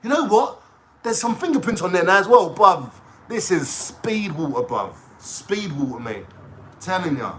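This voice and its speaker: A man ranting casually on a livestream, swearing and talking in an excitable way. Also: high-pitched, normal speed, a little hiss or hum. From London.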